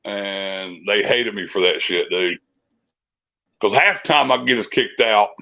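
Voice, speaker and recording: A man's voice: on the low side, unhurried, gravelly, pushed and bright, muffled recording. A man telling rambling, profane stories in a casual chat. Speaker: podcast co-host, musician.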